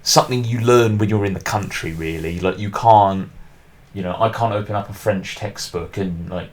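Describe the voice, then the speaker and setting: A man's voice: lowish voice, moderate pace. A man hosting a podcast, chatting casually and rambling with lots of restarts and fillers. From England. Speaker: podcast host.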